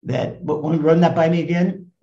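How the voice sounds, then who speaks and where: A man in his seventies from the United States, a rabbi telling stories emphatically in a conversation, swinging from loud to hushed. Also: a little high, brisk, creaky, echoey room, lo-fi sound. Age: 70s. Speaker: rabbi and guest speaker. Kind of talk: animated storytelling in conversation.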